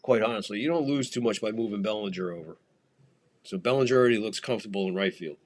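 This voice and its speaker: Brief: low-voiced American man, loose and profane play-by-play, jokey and rambling. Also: fast. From United States. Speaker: podcast host calling a baseball game. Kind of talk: casual live game commentary.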